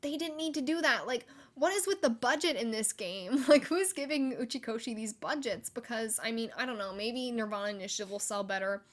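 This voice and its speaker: Excitable young woman podcast host. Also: a little high, a little fast, few pauses. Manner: chatty and excitable, many likes and laughs. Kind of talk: solo gaming podcast.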